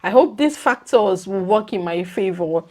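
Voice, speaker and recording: A young woman vlogging casually to her viewers, animated and exclamatory, her voice leaping up when she makes a point. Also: moderate pace. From lives in the UK. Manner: animated and exclamatory, leaps up in pitch when emphatic. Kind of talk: casual vlog chat.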